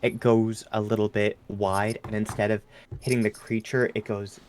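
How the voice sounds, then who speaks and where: A man's voice: fairly low pitch, flat delivery, moderate pace, darkish tone, slight background noise. A man playing a tabletop game in casual chat, polite and easygoing. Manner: polite, keeps saying lovely. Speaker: player.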